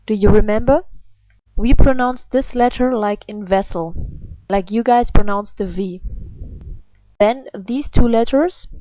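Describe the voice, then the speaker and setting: A woman's voice: mid-range voice, no echo, muffled recording. A woman with a German accent who is a native German speaker, teaching pronunciation in a video lesson in a patient way. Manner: patient, slow and exaggerated when modelling words. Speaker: language teacher.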